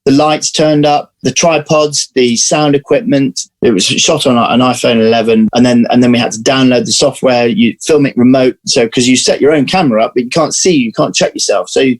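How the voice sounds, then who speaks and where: A man being interviewed as an actor, telling lively anecdotes in casual chat over a video call. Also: mid-range voice, a little fast, hardly any pauses, poor audio. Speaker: actor guest.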